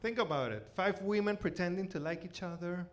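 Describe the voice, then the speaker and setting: A man in his forties from Venezuela with a Spanish accent, performing a self-mocking stand-up set on a theater stage, loud one moment and muttering the next. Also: high voice, fairly quick. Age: 40s. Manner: animated, self-mocking, swings between loud outbursts and mutters. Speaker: stand-up comedian.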